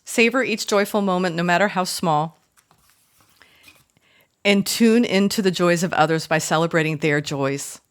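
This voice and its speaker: A woman's voice: on the low side, normal speed, pauses often, clear, resonant tone. A woman giving a spiritual tarot reading, effusive and choked up, calling her viewers y'all. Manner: warm, effusive, emotional, addresses viewers as y'all. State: choked up, tearful. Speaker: tarot reader.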